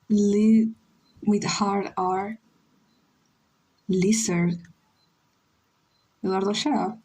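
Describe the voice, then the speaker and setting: A young woman chats idly on her drawing stream, her voice a little husky and breathy. She talks slowly, rambling and teasing, dropping into Spanish here and there. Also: mid-range voice, darkish tone, rough recording. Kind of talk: casual livestream chat while drawing.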